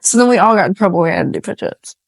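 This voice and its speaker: A woman's voice: mid-range voice, rapid-fire, creaky, dry recording. Laughing, rambling woman telling stories. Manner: rambling storyteller who laughs a lot and swears casually. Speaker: podcast co-host. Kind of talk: casual podcast chat.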